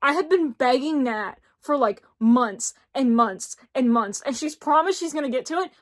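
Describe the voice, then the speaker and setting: A woman's voice: high voice, animated, normal speed. A woman in her twenties from rural Tennessee with an Appalachian accent, gushing in a casual book review chat. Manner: gushing, enthusiastic, emphatic repetition. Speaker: book vlogger.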